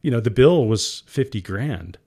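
A man's voice: mid-range voice, lively intonation, normal speed, mellow, breathy edge. A man guest in an interview, candidly recounting a hard business moment, getting teary and laughing often. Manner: emotional, laughs often, calls the host "guy". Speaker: guest entrepreneur.

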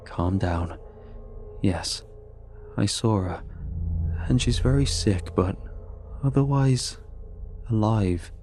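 A calm middle-aged father, soothing and careful, in a low, mellow man's voice, as the storyteller plays him. He keeps an even, placating tone. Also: slow, pauses often, faint music behind. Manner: soothing, cautious.

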